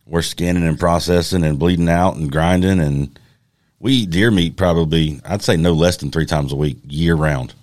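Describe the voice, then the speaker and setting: Very deep laid-back man. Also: moderate pace, a little mellow, no echo, clean studio sound. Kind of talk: casual chat.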